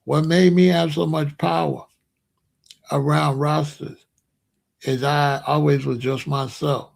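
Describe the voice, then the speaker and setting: A man's voice: on the high side, little pitch movement, takes it slowly, vocal fry, darkish tone. An American man hosting his own show, talking casually and at length to viewers, repeating himself and boasting. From United States. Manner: rambling, repetitive, boastful. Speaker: commentary show host.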